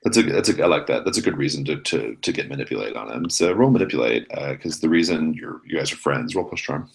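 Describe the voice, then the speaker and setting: A man's voice: very deep voice, expressive, quick pace, creaky. A man running a tabletop game as game master, narrating in a rambling way with many restarts.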